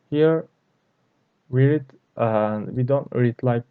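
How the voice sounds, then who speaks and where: Slow, halting male language teacher. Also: mid-range voice, smooth, no room sound. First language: Turkish. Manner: slow, halting delivery, repeating each word several times. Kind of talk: explanatory language lesson. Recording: tinny phone-like sound.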